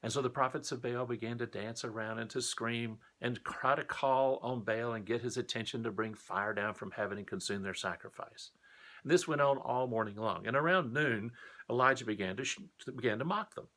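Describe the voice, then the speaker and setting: A man's voice: mid-range voice, a little fast, sharp tone. A man teaching a recorded Sunday school lesson, telling a Bible story in a friendly, explanatory way.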